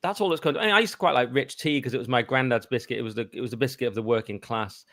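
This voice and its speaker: Rambling man reminiscing, mid pitch, dry. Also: very fast, a bit bright, no room sound. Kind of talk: casual chat. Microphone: remote video call.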